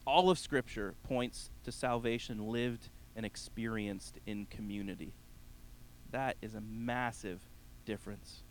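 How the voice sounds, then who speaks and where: A man preaching a sermon, addressing the congregation directly, rising to emphatic peaks and then dropping to a soft, quiet close. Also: fairly low pitch, a little slow, slight background noise, low-quality recording. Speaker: pastor.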